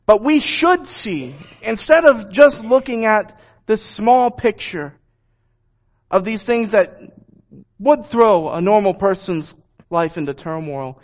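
Earnest high-voiced male preacher. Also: expressive, slow pace. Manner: earnest, emphatic, explaining. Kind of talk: Bible reading and sermon. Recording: dull lo-fi recording.

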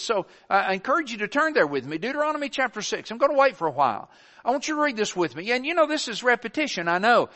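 Older man, preacher, sermon, earnest, high voice, bright tone. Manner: earnest, builds to forceful emphasis.

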